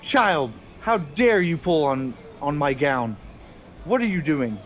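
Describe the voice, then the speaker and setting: A man voicing a stern, alarmed nun who scolds a child, his voice pushed up and louder. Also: fairly high pitch, fast talker, close to an everyday voice. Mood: scolding.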